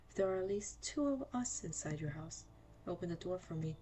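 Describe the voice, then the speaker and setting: A woman's voice: lowish voice, lively intonation, close to an everyday voice. Brief: a menacing, cryptic stranger, read by a woman for a horror game. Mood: ominous. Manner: cryptic, measured, quietly menacing. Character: ominous mysterious stranger at the door. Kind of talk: reading game dialogue aloud.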